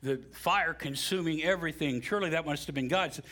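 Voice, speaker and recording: A pastor preaching a sermon and leading a prayer to his congregation, swinging from loud, high-pitched preaching to hushed whispers. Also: fast.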